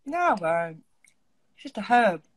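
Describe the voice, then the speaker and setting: A woman's voice: medium pitch, very animated, measured pace. A woman vlogger chatting and joking casually while doing makeup, giggly and teary-eyed from laughing.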